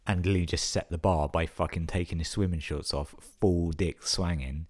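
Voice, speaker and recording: A man's voice: low-pitched, steady tone, normal speed. A young man tells stories casually, swearing a lot and filling his talk with 'like'. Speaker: vlogger telling stories. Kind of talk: casual storytelling.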